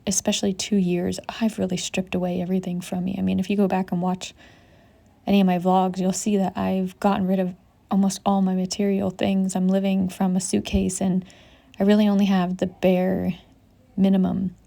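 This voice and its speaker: A young woman vlogging outdoors on a mountain trip. She talks in a soft, reflective and emotional way, saying "like" constantly and sometimes dropping into a whisper. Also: medium pitch, monotone, normal speed, creaky. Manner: soft, emotional, heavy use of "like", drifting into whispers. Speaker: travel vlogger. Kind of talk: reflective casual vlog talk.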